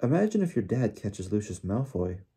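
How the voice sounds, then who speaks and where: A man's voice: on the low side, very animated, moderate pace, mellow, breathy edge, exaggerated voice. A man voicing a wary teenage boy wizard who talks plainly and watchfully. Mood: calm. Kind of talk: audiobook character voice.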